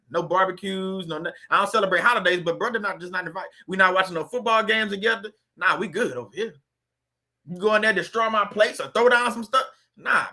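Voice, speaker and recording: Hosting a faith-based channel, a man talks in a loose, conversational way that drifts into preaching, posing rhetorical questions and addressing viewers directly. His voice is high, with a very bright, sharp edge.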